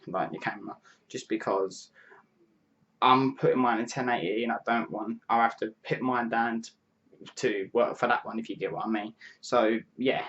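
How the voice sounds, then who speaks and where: A man's voice: medium pitch, fairly bright tone. Rambling young man, lo-fi mic. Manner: rambling, restarts sentences, frequent "you know what I mean". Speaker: YouTuber answering viewer questions. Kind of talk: casual Q&A to camera. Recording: dull lo-fi mic.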